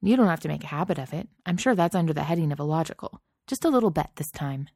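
A woman voicing a brash, eager young male starship captain who talks in a bright, pushy, slightly flustered way. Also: deep voice, animated, fast, creaky, dry recording, studio quality, exaggerated voice.

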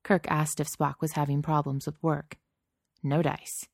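A woman's voice: deep voice, level tone, unhurried, gravelly, no room sound, studio quality. A woman reading a story aloud in a wry, conversational narrating voice. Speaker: reader. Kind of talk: reading fan fiction aloud.

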